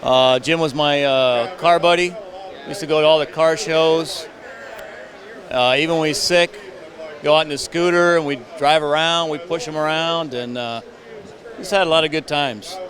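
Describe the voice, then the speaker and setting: A man recalling a late friend and their good times in a halting way with many uhs. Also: fairly high pitch, fairly even intonation, a bit bright. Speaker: party guest sharing memories. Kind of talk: casual spoken tribute. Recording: busy crowd noise behind.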